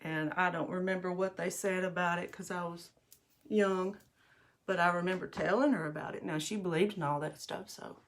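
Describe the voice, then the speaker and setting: Middle-aged woman, livestream host; low-ish, chatty, rambling storyteller doing makeup on a phone. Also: steady tone, moderate pace. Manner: chatty, rambling, addresses viewers as y'all. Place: bathroom at home.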